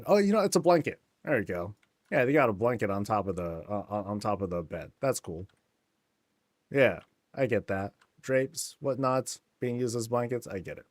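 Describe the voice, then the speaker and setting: A man's voice: on the low side, a little mellow, dry recording. A man streaming a game, chatting casually and rambling with many fillers as he tours homes.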